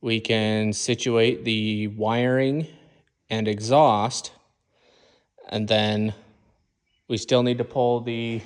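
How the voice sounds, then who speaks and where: A man in his garage, casually explaining each step of his truck build in plain shop talk. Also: fairly low pitch. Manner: walks through each step plainly, calls the engine "she". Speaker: mechanic filming his own truck build. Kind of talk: casual how-to vlog.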